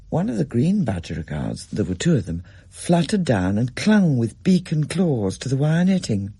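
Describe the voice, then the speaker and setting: A man reading a children's story aloud in a measured, expressive way. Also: mid-range voice, no echo. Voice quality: husky, gravelly. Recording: dry close recording.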